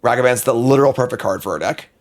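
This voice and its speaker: A man streaming a card game draft, talking casually to himself as he weighs each pick, muttering and now and then flaring up in frustration. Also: mid-range voice. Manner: muttering, thinking aloud, quick outbursts of frustration.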